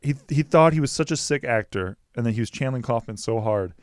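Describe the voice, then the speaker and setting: A man in his thirties talking movies in casual podcast chat, animated and swearing freely, often breaking into mock quotes. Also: mid-range voice, quick pace, no room sound, clean studio sound. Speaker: podcast guest, Batman historian.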